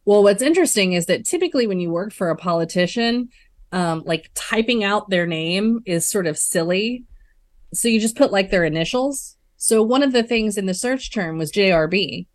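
A woman's voice: medium pitch, animated, moderate pace, no echo. A woman co-hosting a political talk chat, emphatic and indignant, with lots of fillers. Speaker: podcast co-host.

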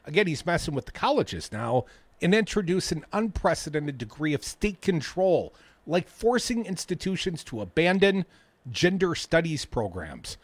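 A man's voice: fairly high pitch, big pitch swings, normal speed, dry recording. A man hosting a talk radio show, reading the news with sarcastic jokes. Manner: sarcastic, jokey.

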